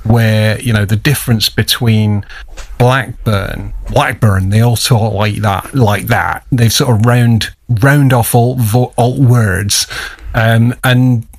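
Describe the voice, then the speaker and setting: A man's voice: mid-range voice, fairly even intonation, slow. A man from Lancashire with a Northern English accent, co-hosting a podcast in casual, rambling chat with plenty of swearing. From Lancashire, England. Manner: sweary, rambling, laughs often. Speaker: podcast co-host.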